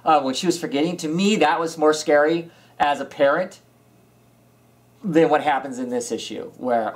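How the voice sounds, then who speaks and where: A man's voice: a little high, normal speed. Rambling, hesitant man in casual talk. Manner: rambling, hesitant, with frequent restarts. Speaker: podcast co-host. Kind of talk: casual chat. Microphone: camera mic.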